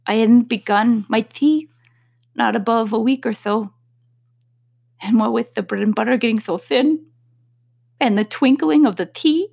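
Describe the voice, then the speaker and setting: A woman's voice: fairly high pitch, measured pace, creaky, long pauses, a little mellow, slightly rough, pitched above the performer's own voice, exaggerated voice. A woman voicing a nervous male hatter on trial, speaking in a trembling, pleading way.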